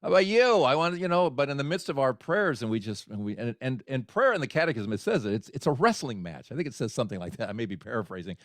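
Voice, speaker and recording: Animated male talk show host. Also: mid-range voice, quick pace, hardly any pauses, no room sound, studio quality. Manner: animated, swings from quiet to exclaiming. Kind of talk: conversational interview.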